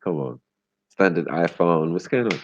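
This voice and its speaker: A man's voice: deep voice, normal speed, slight background noise. A man hosting a casual livestream, teasing his viewers in slangy, swearing chat. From Britain. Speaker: livestream host. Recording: dull lo-fi stream audio.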